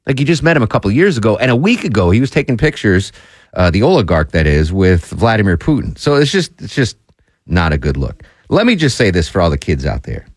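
A male radio host in his forties with a low voice that swings widely in pitch as he tells stories. His talk is loose and rambling, full of restarts. The sound is dry and close to a studio mic. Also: fast talker, no room sound. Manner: animated storyteller, rambling with restarts. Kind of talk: casual talk radio banter.

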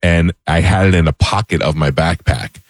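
A man telling relaxed stories in a casual radio chat, laughing often. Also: deep voice, moderate pace, no echo, clean studio sound. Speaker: podcast co-host.

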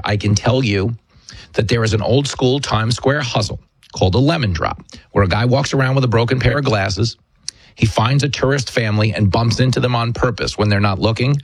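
A male talk show host delivering a forceful, emphatic monologue. His voice is husky at a medium pitch. The recording is dry and close with no room sound. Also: animated, moderate pace, no echo. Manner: combative, emphatic storyteller. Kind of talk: political commentary monologue.

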